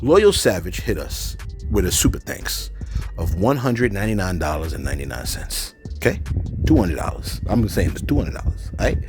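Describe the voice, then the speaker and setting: Animated man chatting over faint music. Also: deep voice, moderate pace. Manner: loose and animated, prays and preaches with scripture. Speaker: host of a celebrity news channel. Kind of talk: casual livestream chat reading comments.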